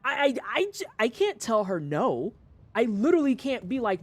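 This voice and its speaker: A young adult livestreamer with a mid-range voice and moderate pace chats casually with viewers. They retell a work story with animated swings and casual swearing.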